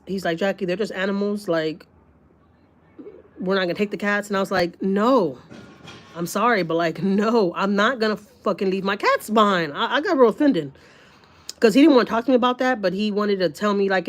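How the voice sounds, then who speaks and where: A woman's voice: on the low side, darkish tone. A woman hosting a casual livestream, reading viewer comments and talking bluntly, swearing freely and piling on fillers. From Texas, USA. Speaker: livestream host.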